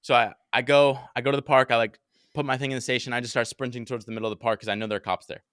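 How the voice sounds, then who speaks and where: A young man hosting a podcast, casually telling a story with lots of swearing and animated quotes. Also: mid-range voice, racing, smooth, no echo, studio quality. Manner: animated, swears often, acts out his own panicked quotes.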